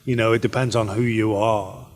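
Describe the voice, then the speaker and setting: A British actor answering fan questions on a convention panel, relaxed and rambling with many fillers and restarts. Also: male voice, on the low side, normal speed. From Britain. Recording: echoey convention hall.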